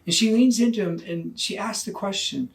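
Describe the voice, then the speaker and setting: A man's voice: high-pitched, moderate pace, gravelly. Earnest man telling a faith story. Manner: earnest, conversational, with some repeated starts. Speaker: parish speaker. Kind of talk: informal sermon storytelling.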